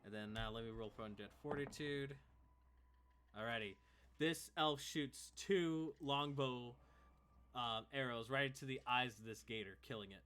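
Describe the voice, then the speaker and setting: A man narrating combat as game master in a relaxed, chuckling way. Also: mid-range voice, moderate pace, smooth.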